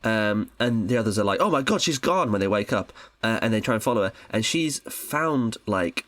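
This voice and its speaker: A man's voice: on the low side, normal speed, no echo. A man co-hosting a film podcast, chatting casually and rambling with lots of fillers. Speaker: podcast co-host.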